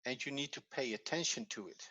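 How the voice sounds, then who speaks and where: A man explaining a Hebrew grammar point slowly and carefully, as if over a video call. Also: mid-range voice, bright, forceful tone, no room sound, lo-fi sound. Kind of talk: online language lesson.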